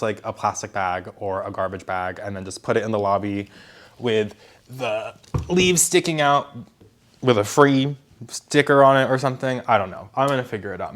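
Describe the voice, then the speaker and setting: A man chatting casually to camera at home about his houseplants, rambling and correcting himself as he goes. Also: lowish voice. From Philadelphia area. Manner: rambling and self-correcting, with small laughs. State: out of breath. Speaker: plant vlogger. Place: home apartment indoors.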